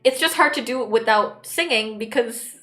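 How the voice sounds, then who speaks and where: A woman streamer with a slightly high, sharp-toned voice chats casually at normal speed while she draws. She rambles and tosses off sarcastic asides, and the recording sounds roomy with faint music in the background.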